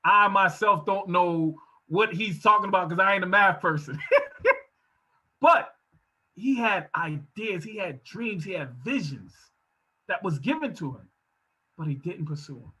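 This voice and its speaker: A man speaks in a high, bright voice with a husky, breathy edge. He delivers a motivational talk in a preacherly style, hammering key words and climbing to near-shouts. He is speaking over a video call from a home office. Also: expressive, unhurried, rough recording. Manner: preacherly, emphatic, rising to shouts. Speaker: guest speaker.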